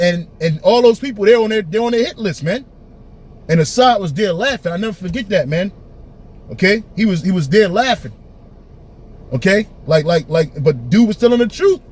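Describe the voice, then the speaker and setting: A man with a high, husky voice preaching in a blunt, emphatic way. He keeps tagging sentences with "man" and circles back to repeat his points. His delivery is loose and conversational, yet it hammers each point home. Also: darkish tone. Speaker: teacher. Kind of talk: preaching street-style commentary.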